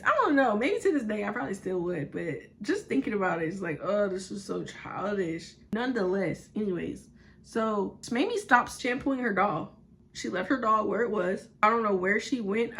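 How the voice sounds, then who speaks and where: A young woman tells a storytime tale in a casual, animated way. She is blunt and swears freely. Her voice sits slightly high. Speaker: vlogger.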